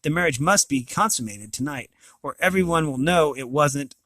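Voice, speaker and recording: A man's voice: a little high, expressive, normal speed, fairly bright tone, no echo. A man reading a novel aloud, voicing an earnest, apologetic young king.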